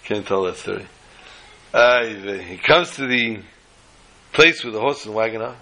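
A man telling a story aloud, acting out the characters' lines with a raised, excited voice. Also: on the low side, unhurried, low-quality recording. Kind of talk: animated oral storytelling.

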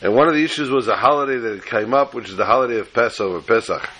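A man's voice: medium pitch, fast, a bit bright, breathy edge, rough recording. A man, a rabbi giving a Torah class online, telling a story and weaving Hebrew and Yiddish words into his English. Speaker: rabbi teaching on the weekly Torah portion.

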